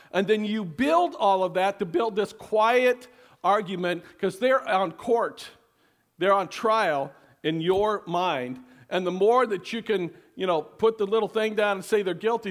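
A man with a notably high voice preaches from the pulpit, leaning into sarcasm as he lays out mock advice. His delivery is emphatic and animated, broken up by his own laughter. He sounds middle-aged and plainly at home addressing his congregation. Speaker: pastor. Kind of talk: sermon.

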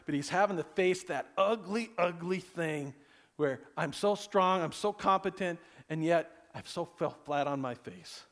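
High-voiced folksy male preacher. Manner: folksy, rambling, leans on "you know", cracks jokes. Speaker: pastor. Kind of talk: casual conversational sermon.

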